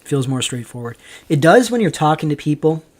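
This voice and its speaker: In a slightly high, sing-song voice at a fairly quick clip, a Canadian livestream host reads his viewers' chat aloud. His replies are casual commentary that rambles along with lots of ums.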